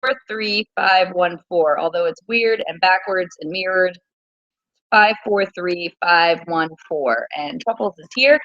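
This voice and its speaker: A woman teacher hosting a casual quiz livestream from her small home, chatty and repeating things slowly. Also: on the low side, fairly bright tone, dry recording, highs cut off.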